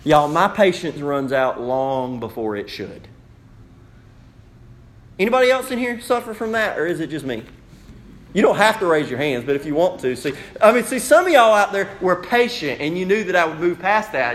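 A man preaching a sermon to a congregation, animated and playful, acting out questions in raised voices. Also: on the high side, normal speed. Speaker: pastor. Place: church sanctuary.

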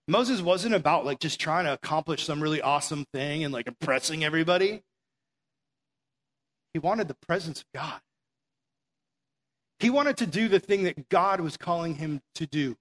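A man's voice: on the high side, animated, normal speed, long pauses, a bit bright. A man preaching a sermon in an earnest, conversational way, acting out quoted prayers as he goes. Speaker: pastor.

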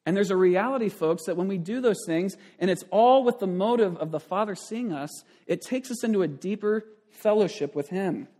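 A man's voice: high-pitched, moderate pace, few pauses, mellow. A man in his thirties, a pastor giving a conversational sermon with frequent asides and restarts.

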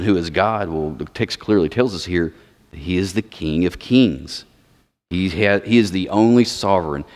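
A man preaching a sermon, explaining scripture and putting questions to the audience. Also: low voice. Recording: long hall reverb.

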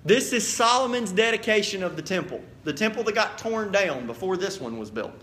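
A man preaching as the pastor of a church, earnest and direct, dropping quiet then building to emphatic appeals. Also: high-pitched, animated, brisk. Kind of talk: sermon. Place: church sanctuary.

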